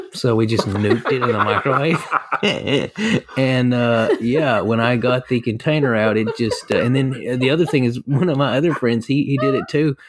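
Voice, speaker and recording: A man co-hosting a podcast in casual chat, rambling through stories and laughing at himself. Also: medium pitch. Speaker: podcast co-host.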